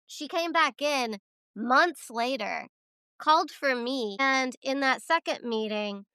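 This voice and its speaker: Bright, high-voiced candid woman chaplain. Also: slow pace, smooth, dry recording. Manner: candid, animated, swears freely, laughs often. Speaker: hospital chaplain, podcast co-host. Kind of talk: casual conversation.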